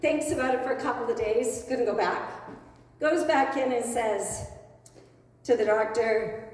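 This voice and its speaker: A woman's voice: on the high side, normal speed, a little mellow. A woman telling a joke to a congregation as a playful storyteller, laughing along with her own punchlines. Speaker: speaker at a spiritual center service. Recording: echoey hall, voice from far off.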